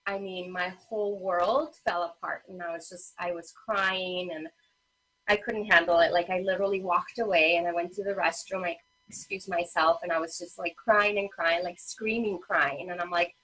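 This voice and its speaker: Woman, 30s, husky, heartfelt conversational storyteller, lots of "um" and "like". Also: fairly low pitch, steady tone, normal speed, sharp tone, poor audio. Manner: emotional storytelling with many fillers. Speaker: guest, parent advocate and children's author. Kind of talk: personal story in a casual interview.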